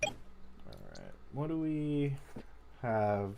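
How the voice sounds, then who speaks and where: A man casually commentating a card game match, relaxed and chatty with lots of fillers. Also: mid-range voice, drawn-out words, creaky, noisy background.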